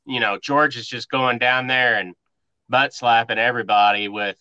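Bright-voiced podcast guy on a dull mic. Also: medium pitch, steady tone, moderate pace, smooth, no echo. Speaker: podcast co-host. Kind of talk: casual sports podcast chat.

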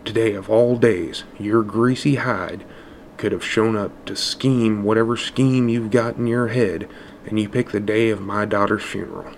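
A man's voice: lowish voice, steady tone, measured pace, a little hiss or hum. A man voicing a furious, grieving old father who once worked in a mill, speaking in a snarling, hostile way.

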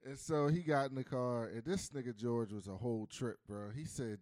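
A man's voice: medium pitch, moderate pace, no room sound. A man co-hosting a casual podcast, retelling a TV episode with lots of laughter and acted-out quotes. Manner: animated storyteller who acts out quotes and laughs often. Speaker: podcast co-host. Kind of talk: casual chat recapping a TV episode.

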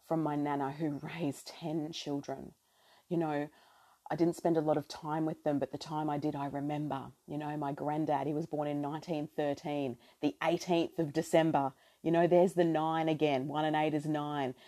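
A woman's voice: sits low, warm tone. An Australian woman in her thirties hosting a podcast, talking in a reflective, emotional spiritual monologue with many fillers. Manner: reflective and emotional, full of "you know" fillers. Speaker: podcast host.

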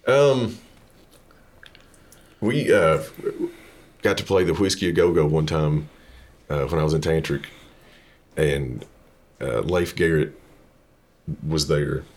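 A man with a very low, deep voice swaps stories from life on the road. He talks in an easygoing, laid-back way, as a rock singer and guitarist chatting with an old bandmate. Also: takes it slowly, long pauses. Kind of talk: casual chat.

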